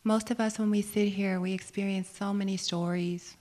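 A woman meditation teacher giving a dharma talk on retreat, gentle and reflective, often asking questions and laughing easily. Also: mid-range voice, steady tone, normal speed.

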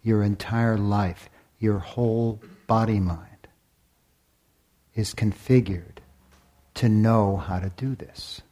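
A man giving a dharma talk as a meditation teacher. He speaks deliberately, sometimes drops to a whisper, and asks the listeners many rhetorical questions. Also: on the low side, steady tone, mellow. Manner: deliberate, with long pauses, sometimes dropping to a whisper.

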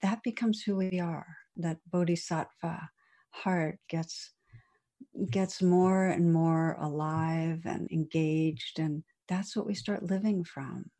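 A woman meditation teacher telling a story in a dharma talk, gentle and unhurried, with soft pauses. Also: fairly low pitch, steady tone.

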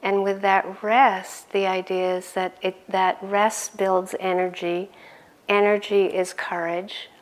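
A middle-aged woman giving a conversational dharma talk as a meditation teacher, laughing often and growing animated in her stories. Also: mid-range voice, slow pace.

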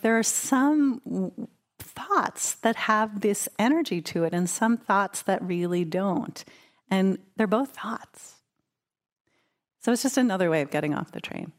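A woman meditation teacher giving a dharma talk at a retreat, conversational and playful as she tells stories. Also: lowish voice. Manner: conversational, warm, playful storytelling.

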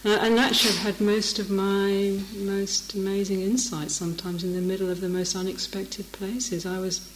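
A woman's voice: mid-range voice, level tone, moderate pace, few pauses, background noise. Laughing woman telling a story. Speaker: meditation teacher. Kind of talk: dharma talk. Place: meditation hall. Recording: echoey meditation hall.

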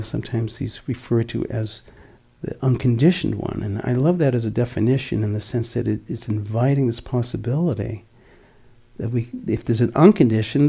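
A man in his sixties from the Boston area, giving a gentle, reflective dharma talk whose voice often drops to a near whisper. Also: mid-range voice, vocal fry, breathy edge. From Boston area, USA. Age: 60s. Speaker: meditation teacher.

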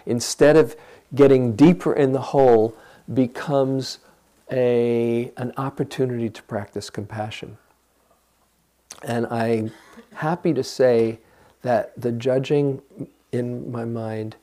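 An older man giving a gentle, reflective dharma talk as a meditation teacher and guiding listeners through a practice. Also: medium pitch, creaky.

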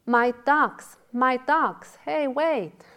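A woman's voice: on the low side, slow pace. A woman voicing a dull-witted man in a teaching story, calling out after his ducks in alarm. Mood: frantic. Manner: calling out urgently. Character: simple-minded man, eager, then frantic over ducks.

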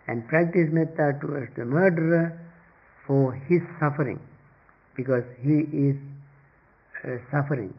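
Slow, gentle monk with a tiring voice. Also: male voice, a little high, muffled recording. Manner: slow, gentle, measured, with frequent pauses. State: losing his voice. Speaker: Buddhist monk teacher. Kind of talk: question-and-answer dharma talk.

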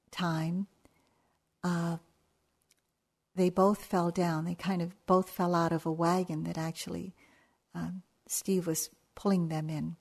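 An older woman gives a dharma talk at a meditation retreat, easing through her stories at a very slow pace. Her voice sits a little low, and her manner is gentle and unhurried, like a teacher who lets each point settle. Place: retreat hall.

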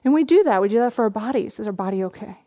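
A middle-aged woman, a meditation teacher, giving a dharma talk at a retreat, telling a story gently with soft laughs. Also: a little high, animated, racing.

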